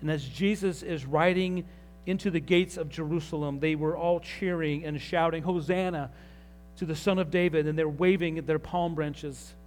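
A man's voice: on the high side, steady tone, moderate pace, darkish tone, a little hiss or hum. Man preaching a Sunday sermon. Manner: earnest preaching, rising with emphasis on key phrases. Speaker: pastor.

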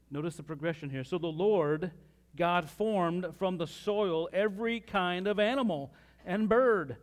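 A man with a fairly high voice preaches as pastor, pausing through scripture readings and addressing the congregation with spirited asides.

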